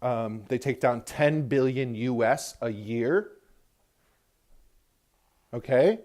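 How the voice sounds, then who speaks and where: A man's voice: mid-range voice, slow, a little mellow. A young man hosting a podcast, ranting in a rambling casual monologue, swearing constantly, recorded in a car while driving. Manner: profane, ranting, heavy swearing. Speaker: podcast host.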